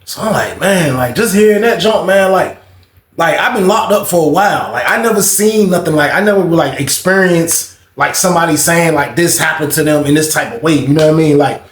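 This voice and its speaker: A man's voice: a little high, brisk. Slangy young man telling a story. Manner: slangy, animated retelling with quoted dialogue. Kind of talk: casual storytime monologue. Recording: roomy echo.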